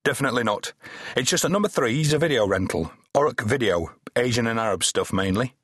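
A man's voice: medium pitch, expressive, brisk, fairly bright tone, breathy edge, no echo, clean studio sound. A man voicing a pompous, officious male police sergeant with a sarcastic manner, in an audiobook. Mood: prim, sarcastic.

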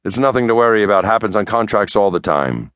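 A man voicing a brisk, smooth-talking female lawyer, cool and increasingly impatient. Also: fairly low pitch, expressive, fairly bright tone, no echo, clean studio sound. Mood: curt. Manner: smooth, curt, grows impatient. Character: brisk, slippery woman lawyer, middle-aged.

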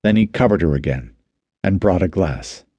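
A man reading a novel aloud as the narrator, in a measured, even manner. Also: low-pitched, husky, dry recording. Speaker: audiobook narrator. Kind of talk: scripted narration.

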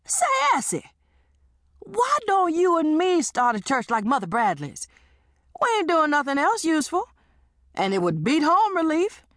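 A woman's voice: high voice, very animated, a little slow, fairly bright tone, no room sound, clean studio sound, pitched above the performer's own voice, full character voice. A woman reading an audiobook and voicing a brash, hard-drinking woman who teases and schemes. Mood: scheming. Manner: teasing, bawdy, persuasive.

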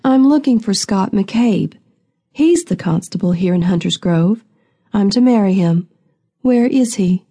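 A woman's voice: mid-range voice, lively intonation, a little slow, warm tone, breathy edge. A woman voicing a proud, haughty young woman who has just come to town to marry, demanding and indignant.

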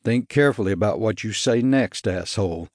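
A male audiobook narrator playing a gruff, short-tempered tough man who growls his curt lines. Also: mid-range voice, expressive, normal speed, darkish tone, no echo, clean studio sound, natural voice. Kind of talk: audiobook character voice.

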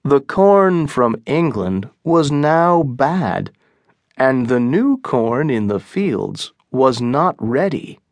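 A man narrating an audiobook in a slow, deliberate and clear way. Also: mid-range voice, big pitch swings, dry recording. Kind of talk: scripted narration.

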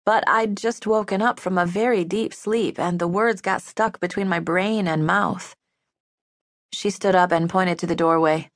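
A woman narrating a novel in the first person, even and measured, recorded in a studio booth. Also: lowish voice, no room sound. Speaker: audiobook narrator. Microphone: studio microphone.

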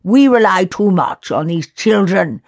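Woman voicing a grumpy storybook council elder, stubborn and scornful, unhurried. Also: mid-range voice, expressive, vocal fry, darkish tone, dry recording. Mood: doubtful. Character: stern doubtful elder of a magic council.

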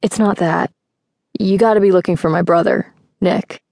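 A woman voicing a young, easygoing tattooed man in an audiobook, speaking in a relaxed, casual way. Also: on the low side, normal speed, gravelly, no room sound, studio quality. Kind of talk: audiobook character voice.

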